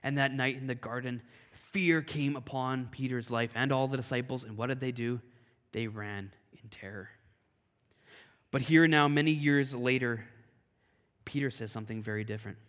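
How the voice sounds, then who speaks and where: A man from Canada giving a sermon, telling a personal story in a lively, animated way. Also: mid-range voice, normal speed. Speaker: pastor. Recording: long hall reverb.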